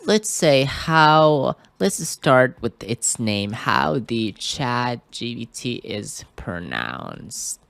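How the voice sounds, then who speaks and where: A man walks through an English lesson at an unhurried, drawn-out pace, pausing often and checking in with "okay?". His voice sits at an ordinary middle pitch. The sound is dry and close, recorded indoors at a computer. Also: sing-song, vocal fry, fairly bright tone, no echo. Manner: hesitant, keeps checking in with "okay?". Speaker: English teacher. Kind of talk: screen-recorded tutorial.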